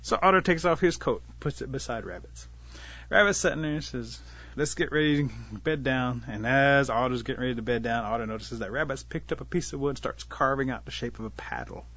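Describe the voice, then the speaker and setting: A storyteller with a mid-range, fairly bright voice tells a traditional animal folktale in an unhurried, folksy way, lightly voicing the animals. The audio sounds dull.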